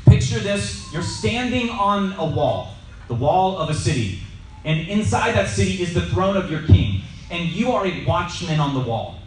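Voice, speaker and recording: Brief: male Bible teacher, slightly high voice, animated sermon-style teaching, echoey room, mic set back. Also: distant mic, slight background noise. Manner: animated, acts out shouting scenes.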